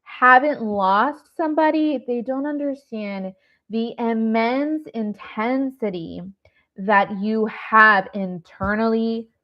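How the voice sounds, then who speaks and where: Slow, candid woman on a dull stream. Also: a little high. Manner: raw, rambling, heartfelt, with many fillers. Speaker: nurse hosting a grief masterclass. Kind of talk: candid live online talk.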